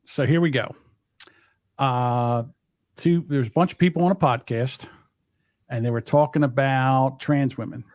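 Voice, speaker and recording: A man's voice: medium pitch, unhurried, long pauses, darkish tone, dry recording. A man hosting a podcast, ranting and mocking with profanity in casual banter. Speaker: podcast host.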